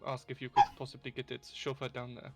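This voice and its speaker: A man's voice: medium pitch, completely flat delivery, fast talker, fairly bright tone, soft background music. A man playing a tabletop game, often restarting his sentences and teasing the others. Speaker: player. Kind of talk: casual tabletop play.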